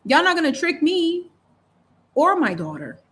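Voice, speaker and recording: A woman, hosting a casual chat while painting, animated and opinionated, saying "like" a lot. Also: very high-pitched, measured pace. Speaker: channel host.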